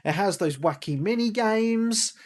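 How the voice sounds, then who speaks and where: Rambling man, hoarse and losing his voice. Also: high voice, animated, measured pace. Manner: rambling, repeats words, calls himself a big nerd. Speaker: podcast co-host. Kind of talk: casual chat.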